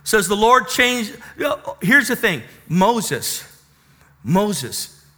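A man preaching a sermon, animated, reading scripture and then dropping to a soft, intimate tone. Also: very high voice, unhurried. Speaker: pastor.

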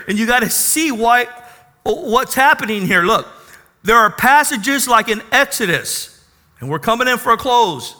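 Pastor guy preaching, high voice, real bright and sharp, gets loud then goes quiet. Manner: animated preaching, reads scripture aloud, drops to soft intimate tones. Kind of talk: sermon.

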